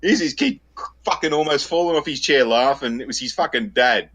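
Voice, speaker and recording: A middle-aged Australian man hosts a podcast, telling crude casual stories, swearing constantly and laughing at his own tales. His medium-pitched, slightly bright voice moves a little fast, with a bit of hiss or hum in the recording.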